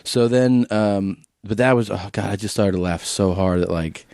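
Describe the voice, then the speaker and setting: A man hosting a podcast in casual chat, telling an animated story and reading texts aloud in put-on voices. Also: on the low side, moderate pace, clean tone, dry recording, clean studio sound. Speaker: podcast host.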